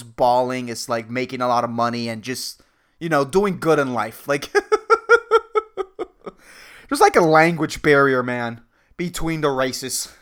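A male podcast host who rants through a solo comedy show, swearing freely and rambling from one gripe to the next. His pitch swings widely as he goes, he talks at an unhurried pace, and he keeps cracking himself up. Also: a bit bright, smooth. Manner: profane, rambling, laughs at his own jokes.

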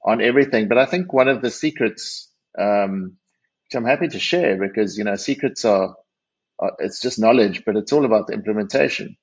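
A man's voice: on the low side, lively intonation, fairly quick, gravelly, slightly rough. A man, a winery's managing partner, chatting as a guest in an interview with frequent restarts and self-deprecating humour. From South Africa. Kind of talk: radio interview. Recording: dull lo-fi audio.

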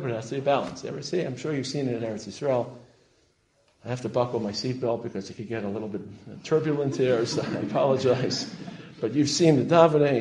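A man lecturing to a congregation as a rabbi, passionate and emphatic, sprinkling Hebrew terms and rising to loud peaks. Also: medium pitch. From Israel. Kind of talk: sermon-style lecture. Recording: roomy hall echo.

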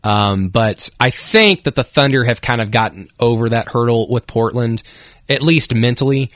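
A man's voice: mid-range voice, normal speed, a bit bright, no echo, clean studio sound. Laid-back man on sports radio. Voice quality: laid-back, rambling, laughs often. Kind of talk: casual sports talk.

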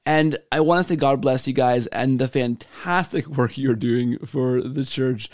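A man hosting a podcast, hoarse and scratchy from allergies, gushing with enthusiastic praise as he wraps up an interview and signs off. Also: medium pitch, a little slow, darkish tone. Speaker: podcast host. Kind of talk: casual interview wrap-up and sign-off. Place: home in Canada.

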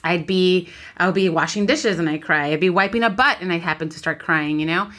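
A woman co-hosts a podcast, chatting candidly and animatedly as she switches between English and Spanish. Her voice is on the low side and a bit bright, and she speaks briskly.

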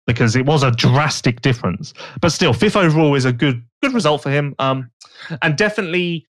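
A man's voice: fairly high pitch, expressive, a little fast. A man co-hosting a podcast, chatting casually and teasingly about motocross racing, rambling with restarts. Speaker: podcast co-host.

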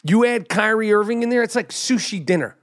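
A middle-aged man with a high voice hosts a podcast and rants through a sports monologue. He sounds animated and emphatic, jumping up in pitch to punch his points. He talks into a studio microphone. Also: a little fast. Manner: animated, emphatic, drops to mock whisper. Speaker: podcast host. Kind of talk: energetic sports commentary monologue. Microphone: studio podcast mic.

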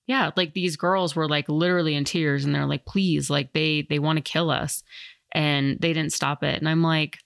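Gravelly-voiced woman podcast host. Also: low-pitched, steady tone, moderate pace, no echo, studio quality. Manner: rambling, many fillers. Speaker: firearms instructor. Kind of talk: casual podcast chat.

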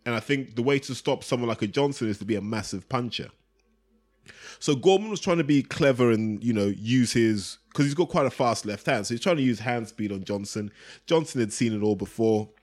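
A man, co-hosting a casual boxing podcast and acting out quotes in an animated way. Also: mid-range voice, fairly quick. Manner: animated, acts out quotes in raised voice. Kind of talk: casual chat.

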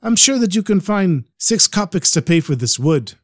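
A man's voice: high-pitched, big pitch swings, normal speed, no room sound, studio quality, pitched above the performer's own voice. A man voicing a kind, disguised holy man who coaxes and reassures a poor old woman. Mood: coaxing. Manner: coaxing, reassuring.

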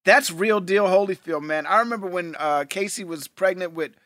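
A man's voice: high-pitched, normal speed, fairly bright tone, no echo, clean studio sound. A man co-hosting a podcast in laid-back casual chat, slangy and saying "man" often. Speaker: podcast co-host.

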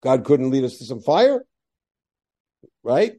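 Animated male teacher, mellow voice. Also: medium pitch, takes it slowly. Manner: animated, reads Hebrew verses then explains them; asks rhetorical questions. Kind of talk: classroom Torah lesson.

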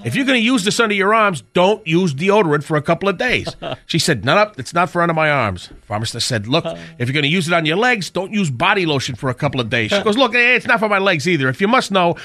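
A man's voice: high voice, sing-song, pushed and bright, heavily acted. A man doing a corny old stand-up comic. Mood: brash joking. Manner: rapid joke-telling, laughs at own punchlines. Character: corny older male stand-up comic, cheerful. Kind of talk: radio comedy stand-up bit.

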